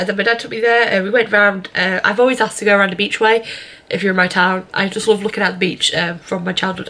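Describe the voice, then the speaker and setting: A woman's voice: mid-range voice, pushed and bright. A young woman vlogging in a casual, rambling way, full of fillers and restarts. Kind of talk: casual vlog chat.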